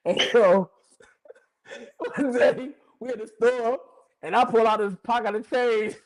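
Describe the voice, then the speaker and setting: A man's voice: extremely high pitch, measured pace, rough recording. A man with a Philadelphia accent hosting a casual chat, telling a story in loose street slang and laughing often. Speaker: host.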